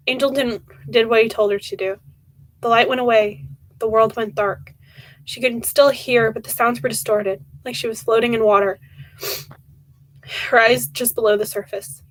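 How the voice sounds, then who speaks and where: A young woman reading a horror book aloud on a live stream, softly and with feeling, often stumbling and restarting words. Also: on the high side, fairly even intonation, normal speed, poor audio. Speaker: reader of horror books.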